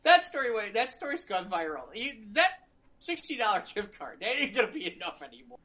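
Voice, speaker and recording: Animated rambling podcast co-host. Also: male voice, high voice. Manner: animated, rambling, quick to joke. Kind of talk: casual chat.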